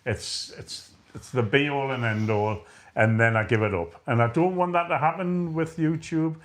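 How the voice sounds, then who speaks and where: A man's voice: medium pitch, normal speed. A middle-aged man with a chatty, rambling, self-mocking way of talking, co-hosting a casual live chat. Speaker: co-host of a live chat stream.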